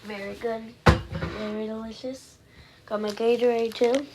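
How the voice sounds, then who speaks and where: Gaming host, woman, unhurried and rambling, hissy home mic. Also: steady tone. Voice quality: high, pitchy voice. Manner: rambling, chatty, drops into soft asides. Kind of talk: casual gameplay commentary. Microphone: own desk microphone. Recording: noisy home recording with hiss and clicks.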